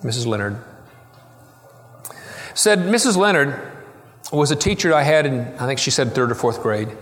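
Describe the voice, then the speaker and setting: Middle-aged male preacher, storytelling sermon, mid pitch, reverberant church hall. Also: lively intonation. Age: middle-aged or older. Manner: storytelling, quoting, slowing and softening for tender moments. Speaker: pastor.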